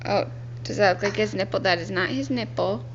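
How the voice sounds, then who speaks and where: A young woman filming at home indoors, gently coaxing a toddler and laughing often. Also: medium pitch, brisk, creaky, dull audio, a little hiss or hum. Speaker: parent filming her child. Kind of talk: casual home video.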